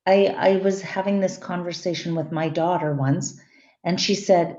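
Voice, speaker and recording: A woman's voice: fairly low pitch, steady tone, moderate pace, warm tone. Woman lecturing in an echoey classroom. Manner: conversational, checks in with the class. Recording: echoey, dull lo-fi room recording.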